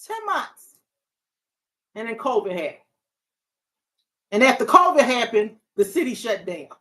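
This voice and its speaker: A middle-aged woman hosting a talk show, speaking casually and animatedly to her audience, preachy and quick to digress. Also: fairly high pitch, very animated, a bit bright. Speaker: talk show host and therapist.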